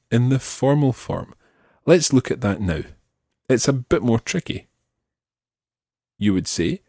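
A man with a lowish, very lively voice gives a language lesson. He explains each point clearly and says the phrases slowly and carefully. The recording is dry and close. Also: dry recording. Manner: slow, careful modelling of phrases. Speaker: French teacher.

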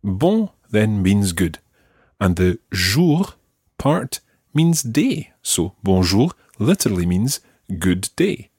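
Husky Scottish man teaching French. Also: lowish voice, big pitch swings, darkish tone, no echo, clean studio sound. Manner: slow, careful modelling of French words for repetition. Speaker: language teacher. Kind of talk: language lesson.

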